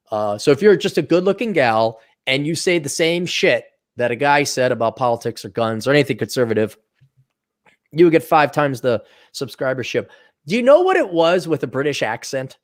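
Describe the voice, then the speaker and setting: Brash, teasing American man. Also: medium pitch. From United States. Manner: sarcastic, teasing banter; brash, swears freely. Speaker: livestream host reading donations. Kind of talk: casual chat.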